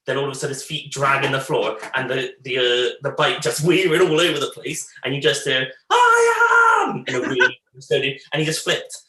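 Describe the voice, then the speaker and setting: A man, co-hosting a casual chat and telling lively family stories, acting out what relatives said. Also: medium pitch, roomy sound, rough recording. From Bristol, England. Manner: animated anecdotes, acts out family quotes. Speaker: podcast co-host.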